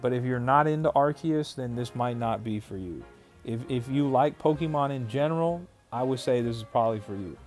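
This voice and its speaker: A man hosting a livestream, reading viewer messages aloud and answering them in a loose, conversational way. His voice sits at a middle pitch, and he often stops to restart a sentence or fill a pause. Soft music plays faintly behind him. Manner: reads viewer chat aloud and answers casually, many fillers and restarts. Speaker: livestream host. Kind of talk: casual livestream chat.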